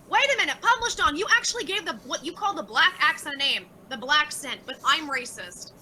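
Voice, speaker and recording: A woman's voice: sits high, lively intonation, fairly quick, few pauses, bright, forceful tone, a little hiss or hum, low-quality recording. A woman livestreaming and reading out chat messages, talking bluntly with lots of swearing and exasperation.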